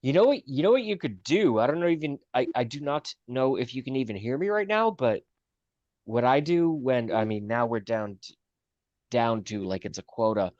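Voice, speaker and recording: A man's voice: mid-range voice, lively intonation, normal speed, darkish tone, no room sound. A man from the US chatting as a guest on a livestream call, joking and wandering off in asides. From United States. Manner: wry, joking, talks in meandering asides. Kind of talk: casual call-in chat. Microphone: video call. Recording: dry, dull lo-fi call audio.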